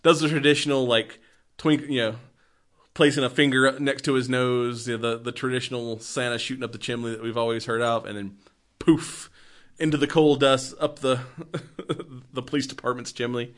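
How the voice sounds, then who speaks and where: A man's voice: medium pitch, flat delivery, moderate pace, fairly bright tone. Rambling, chatty man recapping a film. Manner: rambling, filler-heavy storytelling. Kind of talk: casual movie recap chat.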